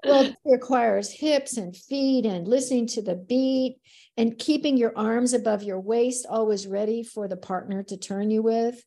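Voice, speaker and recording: Mellow-voiced woman, lively storyteller. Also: on the high side, normal speed. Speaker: guest, dance teacher. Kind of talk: casual podcast conversation.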